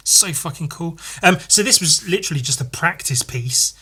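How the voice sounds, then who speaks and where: Male podcast host with a bright, tense voice. Casual, profane and playful, riffing on his sketchbook. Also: a little high, animated, normal speed, slightly rough. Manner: swears constantly, playful, jumps into loud goofy voices. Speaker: artist hosting a solo podcast. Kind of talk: casual rambling chat while sketching.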